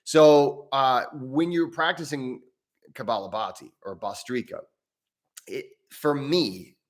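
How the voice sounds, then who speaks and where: A man's voice: medium pitch, slow pace. A man hosting a live Q&A as a breathwork coach, explaining in an earnest way and thinking aloud as he answers member questions.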